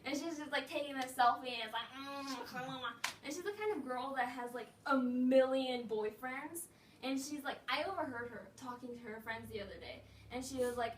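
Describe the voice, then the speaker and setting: A woman's voice: high voice, moderate pace, fairly bright tone. A woman telling a rambling story in casual speech, full of "like", acting out the voices of the people in it. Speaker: vlogger. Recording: roomy echo, a bit distant, faint noise.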